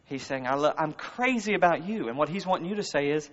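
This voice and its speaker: A man with a Southern US accent preaching a conversational sermon, swinging between loud emphasis and hushed words. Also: a little high, lively intonation, quick pace. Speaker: guest speaker. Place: church service. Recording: muffled reverberant hall recording.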